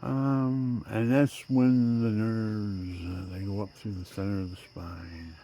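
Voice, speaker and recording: A man in his seventies talking in a rambling personal monologue, drifting between loud outbursts and near-whispers. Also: lowish voice, flat delivery, slow. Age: 70s. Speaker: vlogger.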